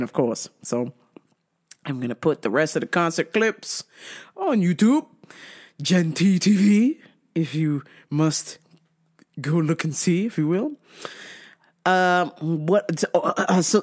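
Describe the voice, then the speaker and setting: A woman hosting her own podcast tells a casual, animated story packed with swearing and frequent laughter. Her voice sits low and moves at a measured pace.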